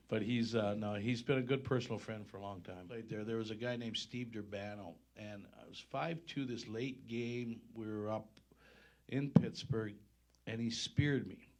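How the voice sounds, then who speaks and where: A man telling lively anecdotes on stage, laughing as he acts out other people's voices. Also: fairly low pitch, measured pace. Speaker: guest storyteller. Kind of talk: live storytelling on stage. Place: stage before a live audience.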